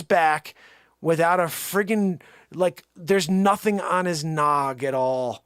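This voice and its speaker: A middle-aged man making a comedic prank phone call, rambling and exasperated, swinging between low mutters and loud outbursts. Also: slow pace, smooth, no room sound, studio quality. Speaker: prank caller.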